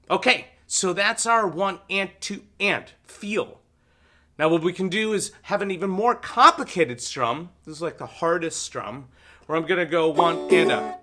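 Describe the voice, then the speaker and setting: A man's voice: a little high, animated, normal speed. A man teaching a beginner guitar lesson, counting beats aloud and singing short lyric lines. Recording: loud guitar music under the voice.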